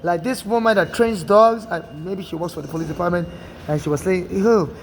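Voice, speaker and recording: A man in his forties with a high-pitched voice speaks in an urgent, rambling monologue, circling back and repeating himself. Faint noise from the city sits behind him. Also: fairly quick. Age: 40s. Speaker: vlogger. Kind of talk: agitated personal monologue. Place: city streets and transit.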